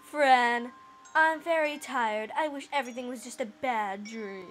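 A woman reading game lines and doing a tired, kindly male cat from a video game. He speaks earnestly and affectionately, in a voice made deeper and manlier. Underneath, the tone stays bright. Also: measured pace, a little hiss or hum. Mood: weary. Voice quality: put-on deeper manly voice. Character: gentle talking black cat, male, weary. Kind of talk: voicing game dialogue.

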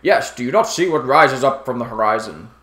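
A man's voice: medium pitch, animated, fairly quick, a bit bright, roomy sound, close to an everyday voice. A man reading the lines of a wise old talking boat from a video game, in a solemn, formal way.

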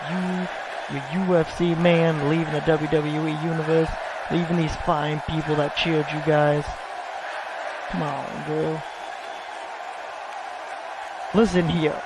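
Brash taunting female wrestler, played by a man, pitched a little high, over a roaring crowd and heavy noise. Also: flat delivery, unhurried. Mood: boastful. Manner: taunting, boastful. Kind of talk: fan wrestling series role-play.

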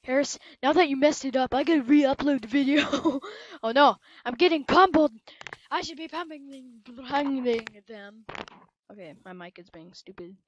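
High-voiced, excitable woman gaming commentator. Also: moderate pace, highs cut off. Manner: excitable, bursts into yelling at the game. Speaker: gameplay commentator.

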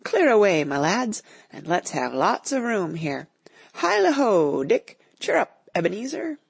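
A woman voicing a jolly old merchant who calls out loudly and heartily. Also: lowish voice, sing-song, unhurried, vocal fry, slightly rough, no echo, exaggerated voice. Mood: jovial.

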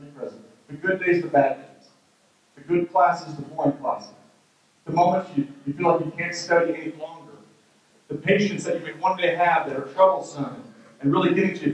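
A man in his thirties tells a comic parenting story as a keynote speaker, acting out the quotes as he goes. His voice sits fairly high and comes from some distance off the mic. The sound bounces around a big, very echoey hall. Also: fairly quick, lo-fi sound. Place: large hall with an audience. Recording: very echoey hall, heard from afar.

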